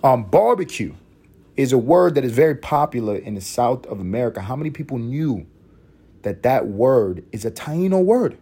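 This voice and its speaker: A Puerto Rican man hosting a podcast, riffing in a loose comedic monologue, profane and animated with sudden loud bursts. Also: medium pitch, moderate pace, breathy edge. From Puerto Rico. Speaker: podcast host.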